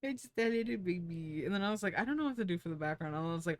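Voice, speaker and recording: A woman streamer chatting casually, rambling and giggling, with casual swearing and playful baby talk, her pitch leaping high when she gets excited. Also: fast talker, few pauses. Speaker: streamer and 3D artist.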